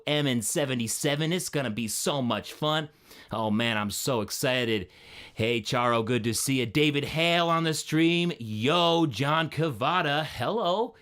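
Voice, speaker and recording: A man hosting a live stream, energetic and friendly, greeting chat viewers one by one by name. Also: mid-range voice.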